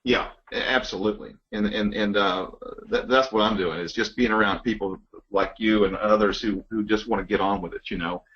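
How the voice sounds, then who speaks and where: A man talking in a measured, reflective way during a casual business conversation. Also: lowish voice, fairly even intonation, fairly bright tone, muffled recording.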